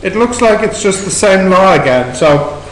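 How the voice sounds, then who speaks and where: Irish male tutor, high voice, echoey classroom. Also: expressive, moderate pace. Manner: questioning, prompting students step by step. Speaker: maths tutor. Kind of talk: working through exam questions with students. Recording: echoey room recording with background noise.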